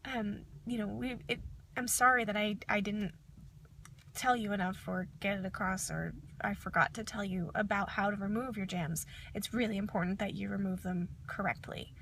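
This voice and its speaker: Upbeat woman consultant, bright sharp tone, casual vlog delivery. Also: mid-range voice, fairly even intonation, moderate pace, vocal fry, slight background noise. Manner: chatty, upbeat, lots of fillers. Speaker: direct sales consultant.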